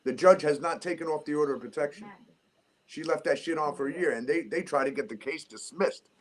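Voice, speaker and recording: A man's voice: a little high, brisk. A middle-aged man with a New York accent, ranting heatedly and cursing in a casual chat.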